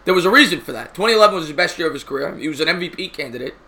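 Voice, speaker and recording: Bright-voiced energetic sports stream host. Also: male voice, a little high, racing. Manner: energetic, joking, talks to chat. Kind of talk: live-stream sports talk.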